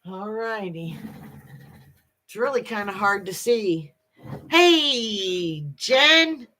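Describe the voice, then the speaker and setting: Slow-talking bright woman greeting stream viewers. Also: mid-range voice, lively intonation. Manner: chatty, halting, with many ums and restarts; greets viewers cheerfully by name. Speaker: livestream host. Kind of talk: casual livestream chat greeting viewers.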